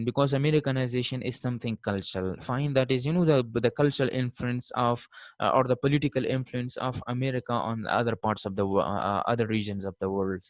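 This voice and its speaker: A man giving a recorded linguistics lecture, modelling word pronunciations slowly and checking in with "fine" after each point. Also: medium pitch, no echo.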